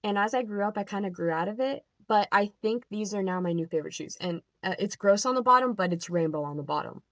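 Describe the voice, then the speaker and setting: A young adult woman telling a story in a casual, animated rant, with lots of "like" and "um" and an exasperated edge. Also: medium pitch, fast, dry recording. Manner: animated, filler-heavy, exasperated. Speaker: vlogger.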